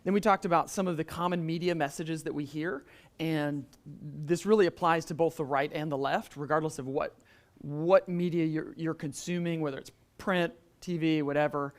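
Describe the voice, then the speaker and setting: A man's voice: a little high, fairly even intonation, normal speed. A man moderating an adult church class, talking conversationally with many fillers and restarts and quizzing the group. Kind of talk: adult Sunday school class teaching.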